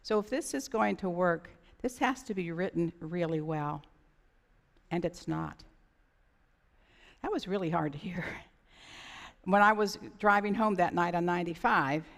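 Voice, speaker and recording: A woman's voice: on the low side, moderate pace. A woman pastor giving a sermon in a conversational storytelling manner, sometimes acting out voices. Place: church sanctuary. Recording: church sanctuary reverb.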